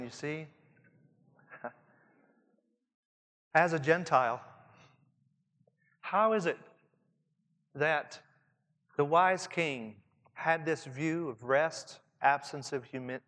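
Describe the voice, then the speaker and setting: A man with a Southern Indiana accent preaching a reflective sermon to pastors, often dropping to a soft hush to stress a point. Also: fairly high pitch. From Southern Indiana, USA. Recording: long hall reverb.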